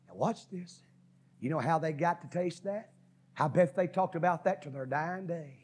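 A husky-voiced preacher, a man pitched a little high, delivering a folksy sermon. He swings from loud, climbing shouts down to hushed whispers and drags out key words for effect. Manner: preaching with sudden shouts and drops to a whisper, folksy, drawn-out stresses. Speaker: pastor.

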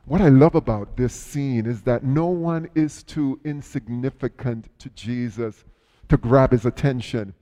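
A man's voice: mid-range voice, unhurried, muffled recording. Man preaching a dramatic sermon in a hall. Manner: storytelling, dramatic shifts in loudness and pace. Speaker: pastor.

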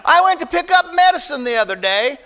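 A man preaching a sermon as pastor, folksy and emphatic, swinging between loud bursts and quiet asides. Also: extremely high pitch, very animated, fairly quick, long reverb tail.

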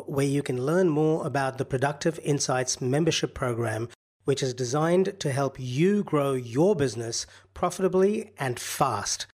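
A man's voice: on the high side, a little mellow. A man with a mixed Australian and Indian accent, hosting a podcast in an upbeat, jokey, chatty way. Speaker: podcast host. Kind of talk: casual interview chat.

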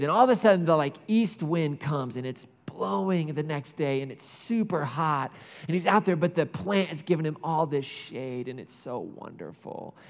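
A man delivers a sermon, his voice sitting slightly high for a man. He tells the story with energy and slips into the characters' lines as he goes. The sound is a little dull and carries the long reverb of a large hall. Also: creaky. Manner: animated storytelling, acts out biblical characters. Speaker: pastor.

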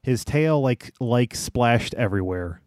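Young man, podcast host, reads news stories, halting pauses, dry close sound. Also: medium pitch, expressive, a little mellow, no echo. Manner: reads stories with frequent "uh" pauses, breaks into laughs. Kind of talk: comedic news-reading podcast.

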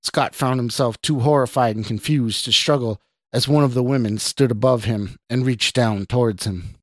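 Male host-narrator for a horror podcast, steady mid-range read, dry sound. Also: medium pitch, normal speed, no echo.

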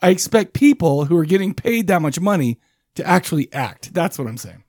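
A man with a notably high voice holds forth on a podcast, recapping a film and getting exasperated over it. The sound is dry and close, with no room around it. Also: sing-song, a little fast, a little mellow, dry recording. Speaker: podcast co-host. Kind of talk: casual movie review chat.

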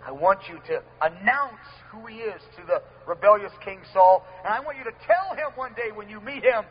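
A man voicing God as a gentle, tender speaker who confides quietly, with a low, soft delivery. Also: brisk, breathy edge. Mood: tender, hushed. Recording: dull lo-fi with faint hum.

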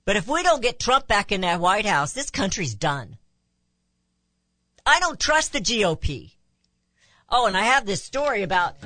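A woman's voice: medium pitch, sharp tone. A woman hosting a talk radio show, delivering an impassioned opinion monologue full of rhetorical questions.

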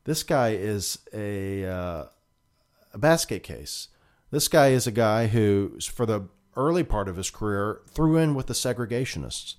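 A man's voice: lowish voice, very animated, unhurried, a little mellow. A man hosting a political talk show, delivering emphatic, indignant commentary and often repeating himself.

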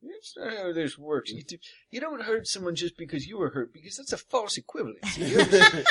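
A man's voice: high-pitched, wildly swooping pitch, normal speed, bright, forceful tone. A man role-playing his character in a tabletop game, rambling and joking with the table. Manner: joking, rambling, laughs often. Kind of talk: in-character role-play and casual chat.

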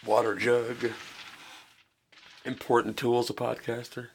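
A man's voice: medium pitch, little pitch movement, a little slow, gravelly, a little hiss or hum. A man hosting a podcast, chatting casually, joking and swearing freely. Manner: joking, swears freely, quotes film lines. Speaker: podcast host. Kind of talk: casual chat.

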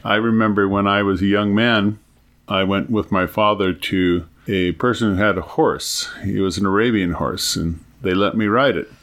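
A man's voice: lowish voice, fairly even intonation, normal speed, a bit bright. A middle-aged man hosting a Christian podcast, telling a joke and praying aloud in a folksy, earnest way. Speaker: podcast host. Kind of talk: religious podcast talk with a told joke.

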